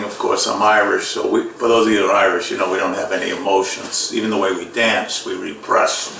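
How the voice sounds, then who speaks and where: A man's voice: lowish voice, brisk, creaky, hardly any pauses. A man with a Boston accent doing a sarcastic stand-up comedy routine. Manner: sarcastic, deadpan delivery with loud mock voices. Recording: echoey room, distant mic, faint noise.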